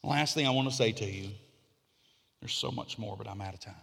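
A middle-aged man delivers a sermon from the pulpit, his voice bright and forceful. He climbs into emphatic, repeated declarations, then drops to a calm, confiding teaching tone. A long reverb from the large sanctuary trails behind every phrase. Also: lowish voice, brisk, creaky. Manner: builds to emphatic, rising repetition then drops to quiet conversational teaching. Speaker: pastor.

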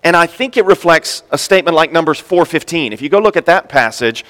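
Male pastor preaching, lively, plays the voices he quotes; slightly high pitch, long hall reverb. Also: brisk. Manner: animated, acts out quoted speakers with big pitch jumps. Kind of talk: sermon.

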